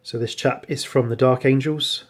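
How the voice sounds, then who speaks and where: A man talks through his hobby work in a relaxed, rambling way, stopping often to correct himself. His voice sits at an ordinary middle pitch. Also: moderate pace, breathy edge. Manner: relaxed, rambling, frequent ums and self-corrections. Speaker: hobbyist showing painted miniatures. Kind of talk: casual show-and-tell narration.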